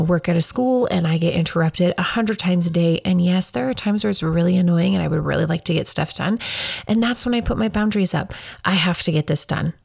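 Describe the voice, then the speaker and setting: A woman in her thirties hosts her own podcast, talking in a reflective, earnest way. Her voice sits low with a gravelly fry. The recording is dry, with no room sound. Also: a little mellow, dry recording. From Wyoming, US. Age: 30s. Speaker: podcast host. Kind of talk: personal casual talk.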